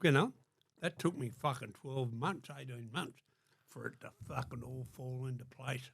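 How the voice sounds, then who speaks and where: A man's voice: mid-range voice, fairly even intonation, moderate pace, vocal fry, fairly bright tone, breathy edge, no room sound. An older Australian man telling blunt, profanity-laden stories in a casual interview, acting out what people said. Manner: blunt, swears constantly, acts out quotes. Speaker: guest.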